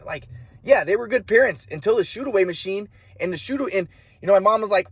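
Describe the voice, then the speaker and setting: A man's voice: high voice, expressive, a little fast, slightly rough, no echo. A young man telling his own story in a rambling, profane monologue, full of restarts and repeated words. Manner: profane, restless, many restarts. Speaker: vlogger.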